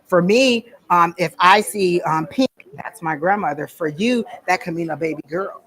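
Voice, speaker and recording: A woman with a fairly low, slightly bright voice teaches a small group about psychic reading, speaking at normal speed. She's casual and chatty, telling stories and saying "um" a lot. The recording is rough.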